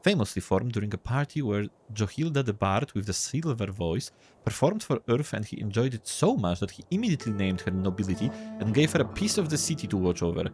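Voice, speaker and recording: A man's voice: lowish voice, big pitch swings, fairly quick, a little mellow, soft background music. A man casually commenting on a game as he plays, joking and swearing as he reads the text aloud. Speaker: gameplay video host.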